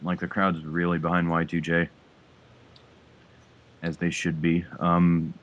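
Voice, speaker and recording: A man with a very low voice recaps a match move by move for a podcast, steady and casual. The recording sounds dull and lo-fi. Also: measured pace. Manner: listing moves in a steady recap. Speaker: podcast co-host.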